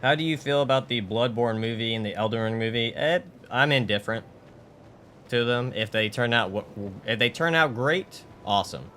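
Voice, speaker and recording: A man's voice: mid-range voice, normal speed, pushed and bright, a little hiss or hum. A man streaming a game, chatting casually in a rambling way with many fillers and restarts. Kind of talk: casual chat while gaming.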